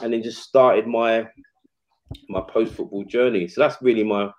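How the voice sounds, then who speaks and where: Animated ex-footballer telling stories. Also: male voice, fairly low pitch, moderate pace. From England. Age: 40s. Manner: animated, slangy, acts out quotes. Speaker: retired footballer guest. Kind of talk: casual storytelling interview. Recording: slightly muffled podcast audio.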